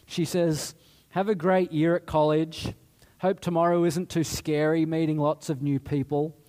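A man's voice: a little high, little pitch movement, a little slow, darkish tone. A middle-aged man preaching a sermon in a chatty, self-deprecating way, often restarting his sentences. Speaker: pastor.

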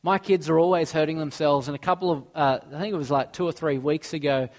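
A man's voice: fairly high pitch, steady tone, quick pace. A man, preaching a sermon earnestly and mixing in personal stories. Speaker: pastor.

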